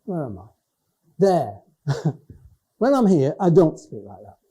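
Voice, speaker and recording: A man's voice: fairly high pitch, very animated, takes it slowly, dark tone, breathy edge. Older man with a Cumbrian accent, lecturing. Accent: northern English, Cumbrian. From Lake District, England. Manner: conversational, with frequent restarts and hesitations. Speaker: education professor giving a talk. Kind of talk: public lecture. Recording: dull lo-fi lecture recording.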